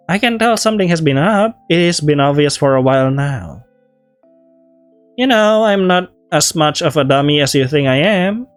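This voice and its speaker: A man's voice: fairly high pitch, no echo, natural voice. A man reading as a caring teenage girl friend. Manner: read out plainly from on-screen text.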